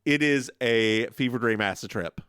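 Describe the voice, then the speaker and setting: A man's voice: mid-range voice, normal speed, a bit bright, clear, resonant tone, no room sound. A man co-hosting a podcast, casually and playfully recapping a TV episode on a close studio mic. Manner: playful, jokey, mimics characters. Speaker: podcast co-host.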